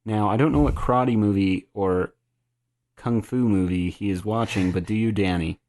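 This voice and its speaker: A man's voice: fairly low pitch, normal speed, a little mellow. A man hosting a casual podcast chat, steering the recap and quizzing his co-hosts. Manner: leads the recap, prompting co-hosts with questions. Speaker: podcast host.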